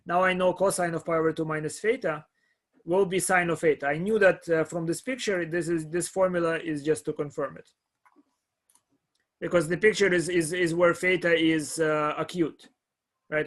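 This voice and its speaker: A man lectures on calculus in a slightly high voice. He talks in halting bursts, restarts and repeats his words, and keeps stopping to ask the class whether they follow. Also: fairly bright tone. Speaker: math lecturer.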